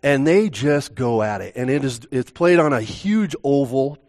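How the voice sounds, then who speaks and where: A man's voice: mid-range voice, lively intonation, normal speed, darkish tone. A male pastor opening a sermon in a church, joking and chatting with the congregation before the teaching. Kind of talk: relaxed sermon with banter.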